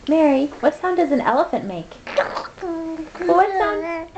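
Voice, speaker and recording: A woman's voice: high-pitched, sing-song, unhurried, pauses often, darkish tone, muffled recording, a little hiss or hum. A mother in a home video, coaxing her baby with sing-song, encouraging baby talk.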